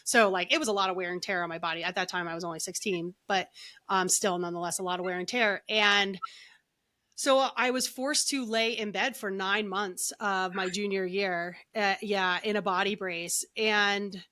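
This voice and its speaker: A middle-aged woman, a guest on a podcast, telling her story in an animated way and acting out the lines of others. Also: mid-range voice, moderate pace. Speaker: podcast guest, energy healer.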